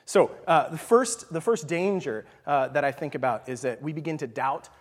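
A man teaching scripture in a relaxed, conversational way, often checking in with "right?" and sometimes dropping to a whisper for emphasis. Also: on the high side, normal speed. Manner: animated, leans on "right?" and "okay?". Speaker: Bible study teacher. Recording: long hall reverb.

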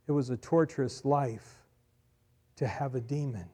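A male pastor preaching a sermon, swelling loud on key phrases and dropping quiet after them. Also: mid-range voice, a little slow, husky.

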